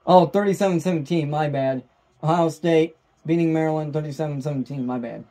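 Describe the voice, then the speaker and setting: A man giving casual live play-by-play commentary as a fan, excitable and bursting into shouts at big plays. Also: a little high, fairly quick. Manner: casual fan talk, repeats "wow". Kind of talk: amateur live sports commentary.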